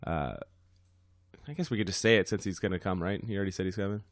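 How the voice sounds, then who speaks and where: A man hosting a podcast with a hoarse, worn-out voice, chatting casually with many fillers. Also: low voice, fast, no echo, clean studio sound. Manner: rambling, frequent fillers. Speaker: podcast host.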